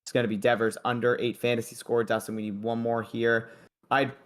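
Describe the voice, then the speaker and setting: A man's voice: mid-range voice, little pitch movement, brisk. A young man hosting a sports betting livestream, chatting loosely and joking with his co-host and the chat.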